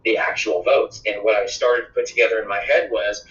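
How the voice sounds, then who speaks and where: A man tells a story as a podcast guest, his bright, forceful voice bouncing around a roomy space. The recording is dull and lo-fi, and he talks in a lively way with exclamations. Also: lowish voice, a little fast. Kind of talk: conversational storytelling. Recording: echoey room, dull lo-fi sound.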